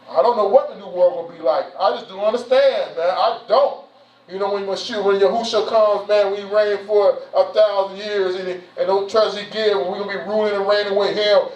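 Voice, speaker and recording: A man speaking as a church elder in an informal, folksy address, repeating himself and saying "you know" and "man" often. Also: high-pitched. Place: church hall. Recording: roomy, distant, dull sound.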